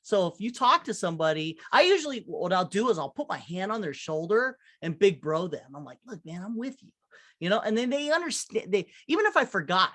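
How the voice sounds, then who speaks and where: A woman's voice: mid-range voice, very animated, brisk, few pauses, a bit bright. A woman chatting loosely on a podcast, full of fillers and swearing. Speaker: podcast co-host. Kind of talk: casual chat.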